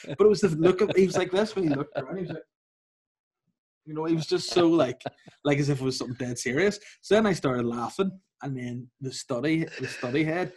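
A young man, co-host of a podcast, telling a school story in a casual chat, animated and laughing as he acts out the voices. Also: fairly high pitch, a little fast.

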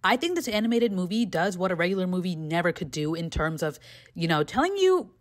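Animated, swearing young woman reviewing films. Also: fairly low pitch, brisk. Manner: animated, profane, gushing. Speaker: film reviewer vlogger. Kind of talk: casual film review vlog.

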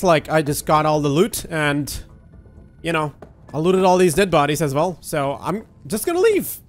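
A man giving excitable, profane, joking commentary while playing a video game. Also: fairly high pitch. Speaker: gaming video host. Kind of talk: let's play commentary.

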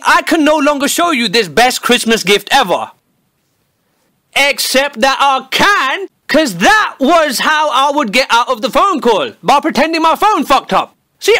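A man's voice: very high voice, sharp tone, no room sound, studio quality. Cheeky, sweary young man. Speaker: comedy YouTuber. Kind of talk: comedic monologue to camera.

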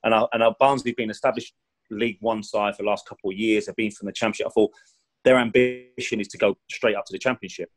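A former pro footballer, guesting on a podcast, rambles chattily through stories from his career, often saying "do you know what I mean" and raising his voice to act out quoted speech. His voice is fairly low with fairly even intonation and a quick pace, and the recording is rough.

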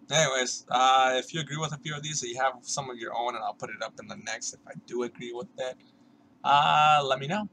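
Bright-voiced young man ranting sarcastically. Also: mid-range voice, brisk, a little hiss or hum, low-quality recording. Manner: sarcastic, swearing, mimics other people's voices. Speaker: vlogger. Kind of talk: casual ranting to camera.

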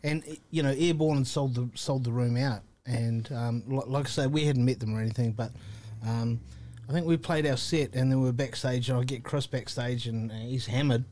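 A man's voice: medium pitch, normal speed, hardly any pauses. A man with a New Zealand accent, a guest musician telling a tour story in casual chat and acting out the voices of the people in it. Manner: animated anecdote-telling, acts out quoted voices.

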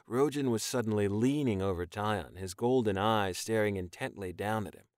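Male audiobook narrator, lowish voice, measured, dry close studio sound. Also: a little mellow, no room sound. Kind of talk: scripted narration.

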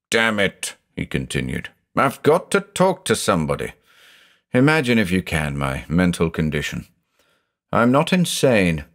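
A man's voice: deep voice, exaggerated voice. A man voicing a tormented older male judge who is brooding and anguished and says he is haunted by thoughts of murder.

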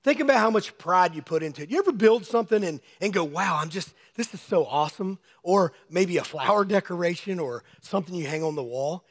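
A man preaching a sermon to his congregation in a conversational way, calling on people by name, a little hoarse as he is losing his voice. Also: high-pitched, lively intonation, a little fast, few pauses. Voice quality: slightly hoarse. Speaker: pastor. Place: church sanctuary.

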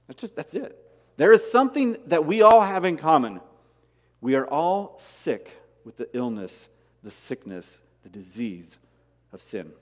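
A male pastor delivers a sermon with a lively, swooping delivery and a slightly high voice. He drives points home with rhetorical questions and repeated phrases. His voice carries a long reverb from the church hall. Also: unhurried. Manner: animated preaching with rhetorical questions and emphatic repetition. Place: church sanctuary.

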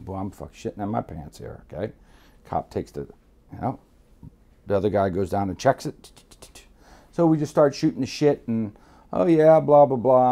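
A middle-aged man from Miami telling a story as an interview guest, profane and streetwise, acting out the voices in it. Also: deep voice. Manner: profane, streetwise, animated re-enactments. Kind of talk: casual storytelling.

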